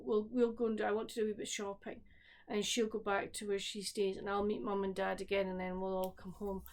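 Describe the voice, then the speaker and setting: A woman's voice: mid-range voice, a little mellow. A woman with a Scottish accent chatting casually about her week as a book vlogger, rambling and often breaking off to restart her sentences. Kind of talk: casual chat. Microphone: solo camera recording at home.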